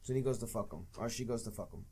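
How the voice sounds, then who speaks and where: A man's voice: lowish voice, very fast, background noise. A man co-hosting a podcast, mocking a film in a profane, casual way. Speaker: podcast co-host. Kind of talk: casual movie review chat.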